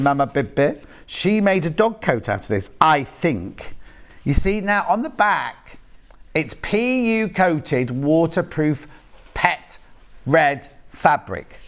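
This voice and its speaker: A man's voice: on the high side, a bit bright. A man presenting live on a shopping channel, chatting and joking in rambling asides while selling fabric in a TV studio.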